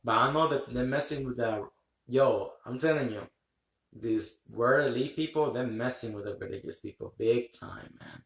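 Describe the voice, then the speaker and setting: A man's voice: medium pitch, moderate pace, creaky, reverberant. A man hosting a rambling live stream, chatting with viewers, laughing often and swearing casually. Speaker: livestream host.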